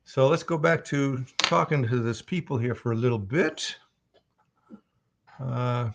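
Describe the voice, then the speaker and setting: A man's voice: mid-range voice, unhurried, creaky, pauses often, a little hiss or hum. A man, a voice actor, chatting casually with fans on a livestream and telling stories as he answers questions. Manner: chatty and storytelling.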